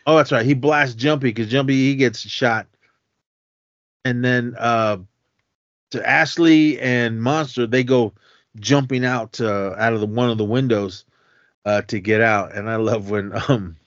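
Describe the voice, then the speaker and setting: A man's voice: medium pitch, steady tone, measured pace, no room sound. A man co-hosting a podcast, casually retelling a film's plot in a rambling way with lots of fillers and self-corrections. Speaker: podcast co-host. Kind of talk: casual movie recap. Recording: dull, dry lo-fi podcast recording.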